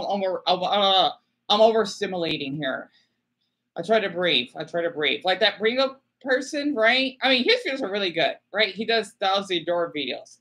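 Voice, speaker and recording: A stressed man on a home live stream, his bright, forward voice catching as he stops and restarts. He keeps repeating himself and apologizing, talking into a webcam mic. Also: high voice. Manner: halting, repetitive, apologetic. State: stressed and distressed. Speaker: small YouTuber livestreaming. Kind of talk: emotional live stream talk.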